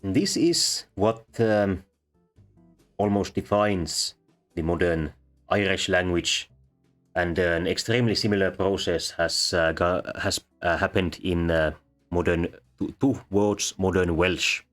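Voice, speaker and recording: A man explaining sound changes as a lecturer, pausing often with ums and uhs. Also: sits low, fairly bright tone. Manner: halting, many ums and uhs. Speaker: linguistics lecturer. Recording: faint background music.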